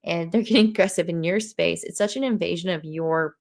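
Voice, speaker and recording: A woman's voice: fairly low pitch, brisk, vocal fry. A woman hosting a podcast in casual chat, thoughtful and wry, often speaking in broken phrases. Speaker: podcast host.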